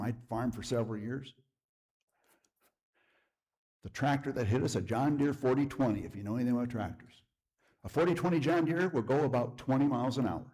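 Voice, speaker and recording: A husky middle-aged man, giving a sermon as a guest speaker. His voice sits at an ordinary pitch and carries a storyteller's rhythm, getting lively at times and then dropping quietly into reflection. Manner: storytelling with lively shifts, drops to a hush. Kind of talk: sermon testimony. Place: church.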